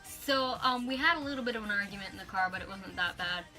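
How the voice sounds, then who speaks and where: Woman, storytime vlogger, bright voice, chatty and animated, faint music underneath. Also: mid-range voice, fast. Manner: animated, chatty, lots of fillers. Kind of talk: storytime vlog.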